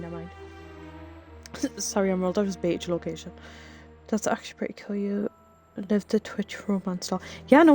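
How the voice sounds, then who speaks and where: A woman's voice: medium pitch, a little mellow. A woman in her twenties with a Geordie accent, chatting casually as a livestreamer and reading viewer messages aloud with lots of "like" and giggles. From North East England. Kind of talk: casual chat while reading live chat.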